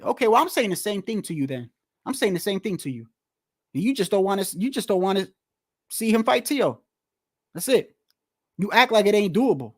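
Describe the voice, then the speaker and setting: Male boxing commentator, high voice, heated profane rant, full of rhetorical questions. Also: expressive, fairly quick, long pauses. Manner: profane, slangy. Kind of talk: casual rant to the audience.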